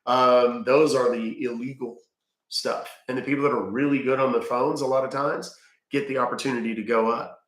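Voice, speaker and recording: A man's voice: mid-range voice, steady tone, moderate pace, fairly bright tone, reverberant. A man hosting a casual livestream, chatting with his viewers and answering their questions with easygoing fillers. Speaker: livestream host reading chat. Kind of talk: casual chat.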